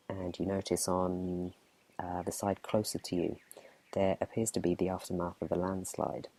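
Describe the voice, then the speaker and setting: Low, gravelly-voiced man whispering a role-play. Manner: relaxed, chatty narration with asides to the players. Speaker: game master.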